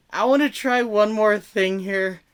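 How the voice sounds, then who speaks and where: A man's voice: high-pitched, slow, smooth. A man doing a rambling, casual stand-up comedy set over a video call, full of "like" fillers and restarts. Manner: rambling, conversational, heavy on fillers like "like". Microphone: video call mic.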